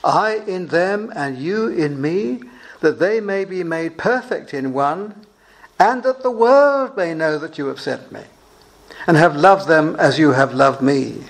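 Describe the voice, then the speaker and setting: A man's voice: fairly high pitch, lively intonation, measured pace, poor audio. An older man preaching an earnest expository sermon, reading scripture aloud and asking rhetorical questions.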